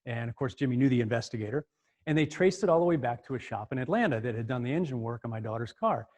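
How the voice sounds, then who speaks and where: A middle-aged man giving a storytelling talk, animated and repeating words as he goes. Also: medium pitch. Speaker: speaker.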